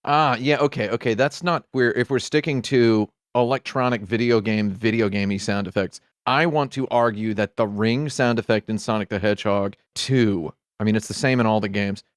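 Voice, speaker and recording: A man on a podcast panel in casual chat, wry and opinionated, given to sudden loud impressions. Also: on the low side, moderate pace, hardly any pauses, no echo, studio quality.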